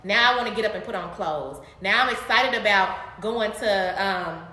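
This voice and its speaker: A woman in her late twenties chatting casually to her viewers from home, animated and laughing, calling them y'all. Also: medium pitch, moderate pace. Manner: animated, laughing, acting out her past reactions. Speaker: vlogger. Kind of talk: casual chat to camera. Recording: echoey room.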